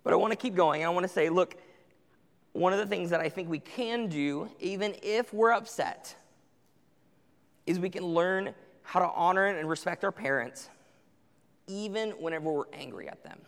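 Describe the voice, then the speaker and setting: This young preacher talks to teenagers at a moderate pace in a high voice with vocal fry, leaving long pauses. His sermon is conversational, and he acts out quotes from parents and teens amid a long hall reverb.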